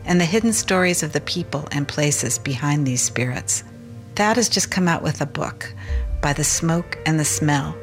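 A woman host reading a polished, scripted introduction to a radio segment. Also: sits low. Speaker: show host and narrator. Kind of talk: scripted narration. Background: music.

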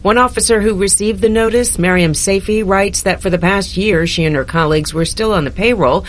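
Woman reporter, faint rumble behind. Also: brisk. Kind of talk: news report.

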